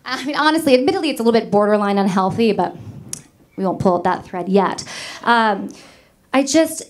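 A woman's voice: medium pitch, lively intonation, brisk. A middle-aged woman from New York doing a stand-up comedy set, chatty and self-mocking, laughing at her own jokes. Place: comedy club stage with live audience.

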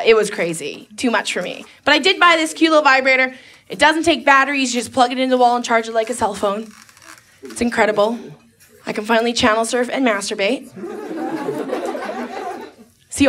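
A young woman doing a bawdy stand-up set on a club stage, slipping into quick acted-out voices. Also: fairly high pitch. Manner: brash, bawdy, acts out quick impressions. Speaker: stand-up comedian. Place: comedy club stage before a live audience. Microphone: handheld stage mic. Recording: live club recording with loud audience laughter. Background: crowd laughing.

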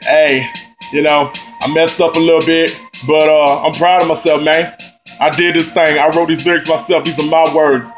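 A man's voice: fairly high pitch, level tone, normal speed, over music. Laid-back slangy man over a beat. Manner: laid-back and slangy, loose drawling talk. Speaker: amateur rapper introducing his own track. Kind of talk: casual spoken intro and outro to a rap video.

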